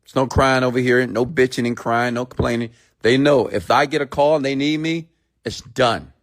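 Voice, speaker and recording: A man's voice: medium pitch, steady tone, moderate pace. A man hosting a live stream, ranting bluntly and preachily at his viewers, often checking in with "okay?" and reading out their comments. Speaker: host.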